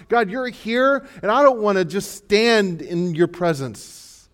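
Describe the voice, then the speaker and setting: Man preaching with sweeping loudness shifts. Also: animated, takes it slowly, few pauses, clean tone. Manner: swings from hushed, low emphasis to loud, rising exhortation. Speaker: pastor. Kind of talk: sermon.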